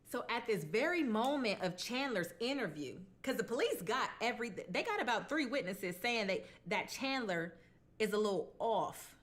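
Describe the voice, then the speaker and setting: A woman retells a true crime case over a meal in a relaxed, chatty voice. She talks conversationally, with blunt, colloquial asides. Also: fairly high pitch, moderate pace. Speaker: true crime mukbang host. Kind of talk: casual true crime storytelling while eating.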